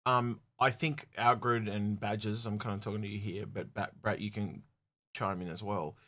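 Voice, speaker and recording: A man with an Australian accent co-hosting a casual podcast chat, talking at length with many pauses and fillers. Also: on the low side, steady tone, pushed and bright. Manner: rambling, hesitant with many fillers. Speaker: podcast co-host.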